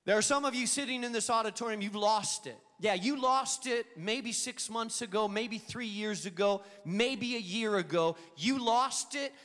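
A man preaching a sermon to an auditorium, telling a story and acting out the quoted lines with lively energy. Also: high-pitched, normal speed, few pauses. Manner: storytelling, animated, acts out quotes. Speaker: pastor. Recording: long reverb of a hall.

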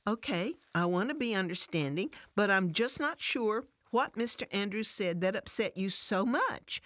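A woman voicing a frank, caring female friend who asks gentle, probing questions. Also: medium pitch, expressive, moderate pace, no room sound, voice pushed up, close to an everyday voice. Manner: gentle, probing, plain-spoken.

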